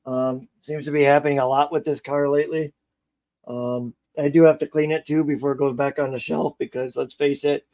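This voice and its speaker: A man's voice: on the high side, darkish tone, low-quality recording. A man chatting casually on a live stream while he repairs a model car, rambling, joking and muttering to himself as he works.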